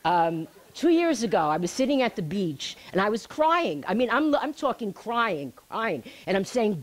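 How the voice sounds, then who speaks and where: A middle-aged woman speaking to a live audience, telling a personal story in a chatty, animated way and laughing at herself. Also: mid-range voice, normal speed, few pauses. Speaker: speaker giving a healing talk.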